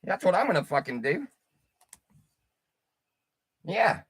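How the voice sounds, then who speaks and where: Brief: middle-aged male streamer, taunting and foul-mouthed, bright forceful tone, very dry sound. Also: high voice, sing-song, slow pace, breathy edge, no room sound. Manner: profane, taunting and mocking. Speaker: livestreamer. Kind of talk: rambling livestream rant.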